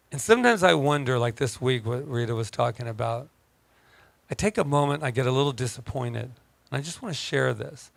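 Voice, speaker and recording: Gravelly-voiced man giving a sermon. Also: medium pitch, dry recording. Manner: jokey, conversational, then emphatic. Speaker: minister. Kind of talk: playful sermon. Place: church service.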